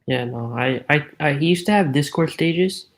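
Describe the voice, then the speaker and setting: A man hosting a live call-in discussion show, chatting casually and retelling arguments in an animated way. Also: fairly high pitch, normal speed. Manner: animated, mimics others with sudden shifts in loudness. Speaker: host.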